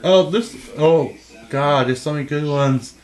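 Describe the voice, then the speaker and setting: Young male co-host, casual and excitable, slightly high voice, laughs a lot. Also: measured pace, low-quality recording. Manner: excitable, laughs often, quotes lines in high silly voices. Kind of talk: casual chat.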